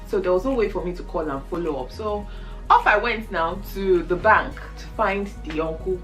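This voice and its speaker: A Nigerian woman vlogger telling a story in a lively way while eating for a mukbang, often breaking into laughter. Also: lowish voice, moderate pace, faint music behind, low-quality recording.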